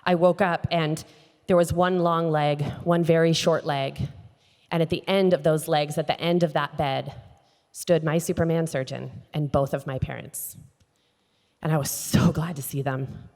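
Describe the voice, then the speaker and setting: Lowish-voiced woman telling her story onstage. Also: measured pace. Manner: expressive storytelling, acting out quoted dialogue. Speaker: keynote speaker. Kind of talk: inspirational personal storytelling speech. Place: conference stage in a large hall. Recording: long hall reverb.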